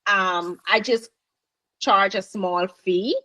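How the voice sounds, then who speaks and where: A woman talking as a guest in a casual interview, lively and chatty. Her voice sits at a middle pitch. The sound is dry, with no room echo. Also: takes it slowly. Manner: chatty, animated storytelling. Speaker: business owner, guest.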